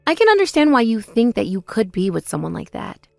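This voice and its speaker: A woman voicing a wronged older sister who answers in a measured, pointed way in a text-message story drama. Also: a little high, big pitch swings, vocal fry, dry recording, soft background music. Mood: sarcastic. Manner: measured, pointed, quietly sarcastic.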